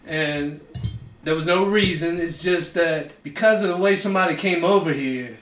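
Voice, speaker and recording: High-voiced man telling crude stories, echoey room. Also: normal speed. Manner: profane, animated storytelling with repeated punchlines. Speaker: podcast co-host. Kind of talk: casual crude chat.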